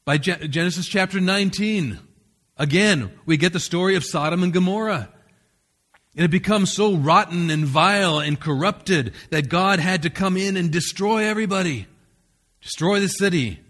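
A man delivers a sermon as pastor, his voice sitting a little higher than most men's. He preaches in an earnest, emphatic way, pressing his points and sometimes restarting a phrase. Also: normal speed, long pauses, a bit bright.

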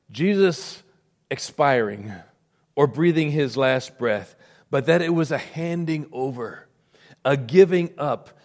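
A male pastor preaching a sermon. He swells into loud emphasis and then drops to a near hush. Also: on the high side.

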